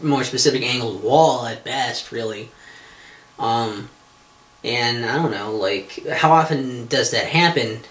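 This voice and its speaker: A man hosting a podcast, rambling through a comedic monologue with lots of swearing, fillers and restarts. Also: medium pitch. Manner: profane, exasperated, many fillers and restarts. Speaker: podcast host. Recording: roomy echo.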